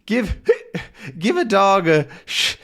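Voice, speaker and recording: A man voicing a drunk little dog in a comic, slurring his words and giggling in a high, strained voice. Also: big pitch swings, slow pace, a bit bright, heavily acted. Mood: tipsy, silly.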